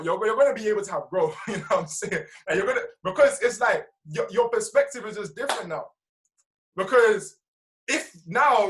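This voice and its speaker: A man leading a motivational team call over video, energetic and slangy, often asking "right?". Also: high-pitched, poor audio. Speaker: team trainer.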